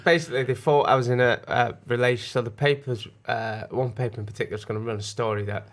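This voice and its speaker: A man's voice: medium pitch, fairly even intonation. Chatty man co-hosting a podcast. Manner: chatty, quick storytelling with restarts. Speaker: podcast co-host. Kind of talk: casual podcast banter.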